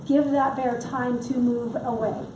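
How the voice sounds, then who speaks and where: A middle-aged woman presenting on wildlife speaks a bit slowly in a fairly high voice that is dark-toned and fairly even in intonation. Her public workshop talk is chatty with joking asides, captured by a distant mic in an echoey room with slight hiss or hum.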